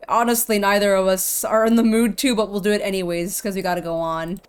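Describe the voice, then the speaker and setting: A woman's voice: medium pitch, fairly even intonation, a little fast, hardly any pauses, smooth. A woman streamer casually commenting on her gameplay, playful and chatty with her viewers. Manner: playful, laughing, talking to chat. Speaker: game streamer.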